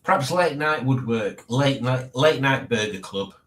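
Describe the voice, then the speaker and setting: A man with a medium-pitched, slightly bright voice hosts a casual livestream indoors at home, speaking expressively and a little slowly. The sound is reverberant, and he rambles as he reads chat messages aloud.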